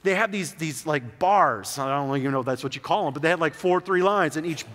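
A man's voice: a little high, a little fast, a bit bright. A young adult man preaching a sermon in a church sanctuary, telling a story in a loose, conversational way with lots of "like"s. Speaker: pastor. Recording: church hall reverb.

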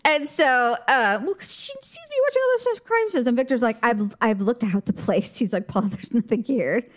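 Podcast co-host, female, lively storyteller who swings up and down and acts out every quote. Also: on the high side, normal speed. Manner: animated storyteller, acts out quotes, laughs often. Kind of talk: casual storytelling chat.

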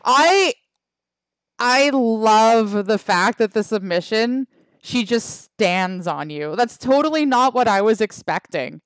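Slow-talking Canadian woman streamer, wry. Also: on the high side, expressive, dry recording, clean studio sound. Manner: chatty, wry, trails off with fillers. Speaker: game streamer. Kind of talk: casual livestream chat reading the chat.

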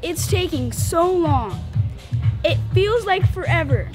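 Woman in casual vlog chat: high, lively pitch, music underneath. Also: takes it slowly. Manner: chatty, complaining. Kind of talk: casual vlogging.

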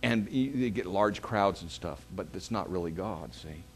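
Soft music plays in the background as a low-voiced male pastor preaches at a normal speed. His sermon is built around stories, and he keeps prompting the congregation for an amen.

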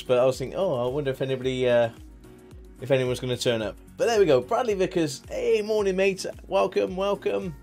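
A man's voice: on the high side, a little mellow. Chatty man streaming a game. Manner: chatty, greets viewers by name. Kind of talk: casual live-stream chat.

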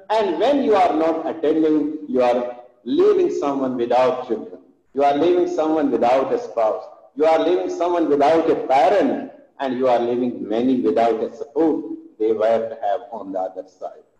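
A man's voice: a little high, dark tone. A middle-aged man with an Indian English accent giving an earnest, emphatic lecture, often hesitating and repeating himself. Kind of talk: formal lecture. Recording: echoey hall, dull lo-fi sound.

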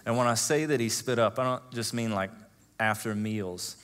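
Pastor telling a heartfelt sermon story. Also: male voice, mid-range voice, moderate pace. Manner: swings from hushed storytelling to loud emotional emphasis; conversational, with frequent fillers and laughs. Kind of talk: sermon with personal stories.

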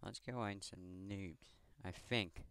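A man's voice: fairly low pitch, slow, background noise. A teenage man from Scotland with a Scottish accent, giving rambling, self-mocking game commentary over a headset mic, swearing often. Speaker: gamer. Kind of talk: gameplay commentary.

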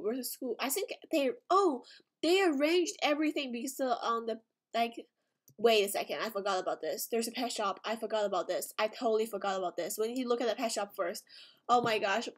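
High-voiced, excitable woman gamer. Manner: excitable, gasping, repeated exclamations. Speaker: gaming video creator. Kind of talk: gameplay commentary.

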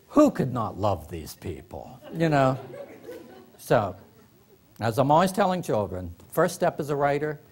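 A middle-aged man tells comic stories to a library audience, his voice set a bit high for a man. He laughs often and slips into quick acted voices for the people he quotes. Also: a little mellow. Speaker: author giving a workshop talk. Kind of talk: comic storytelling to a live audience. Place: library meeting room.

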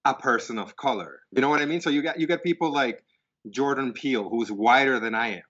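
A man's voice: medium pitch, steady tone, fast, a bit bright. A man in casual podcast chat, arguing his point bluntly. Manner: argumentative, blunt. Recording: muffled lo-fi audio.

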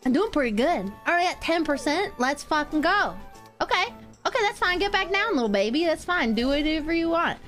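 A woman streamer playing a game live, yelling and swearing at it. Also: high voice, lively intonation, fairly quick, soft background music.

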